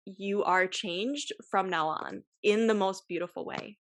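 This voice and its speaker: A young woman speaks close to the mic in a dry, dead room, her voice sitting at a middling pitch. She hosts a podcast and talks casually, with lots of "like", and she sighs often. Her voice trembles as she comes close to tears. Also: unhurried, no room sound. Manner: emotional, sighing, filler-heavy. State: tearful. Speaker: podcast host. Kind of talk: casual personal storytelling.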